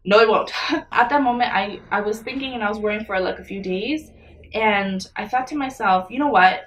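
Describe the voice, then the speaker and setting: A woman's voice: medium pitch, moderate pace, recorded from a distance, slight background noise. A young woman talking earnestly to camera in a personal vlog, often emotional and close to tears. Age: young adult. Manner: emotional, tearful at times, earnest. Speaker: vlogger.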